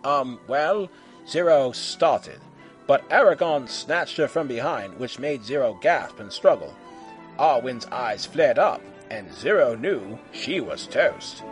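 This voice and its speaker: A man reading a humorous story aloud in an animated way, slipping into silly character voices. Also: mid-range voice, slow pace, faint music behind. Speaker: fan fiction reader.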